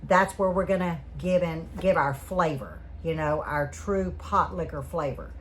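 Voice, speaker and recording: A woman's voice: low-pitched, lively intonation, a little slow, slight background noise. A woman hosting a folksy, chatty kitchen demonstration, checking in with her viewers as she works. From Louisiana. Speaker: home canning cook, channel host. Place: home kitchen.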